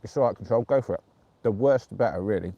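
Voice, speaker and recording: An English man chatting casually on a live stream from the dark woods at night, giggling as he reads out viewer jokes. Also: fairly low pitch, fast, creaky, husky, no room sound, lo-fi sound. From England.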